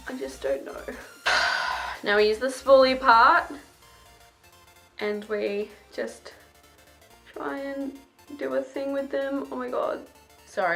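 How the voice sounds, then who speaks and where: A woman's voice: on the high side, fairly bright tone. A young woman, chatting casually and self-deprecatingly while doing her makeup on camera. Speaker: beauty vlogger.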